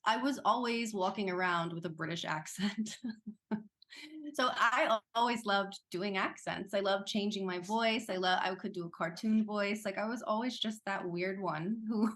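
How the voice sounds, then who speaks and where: A woman actress, a guest in a casual interview, talking in a chatty, animated way with quick laughs. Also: medium pitch.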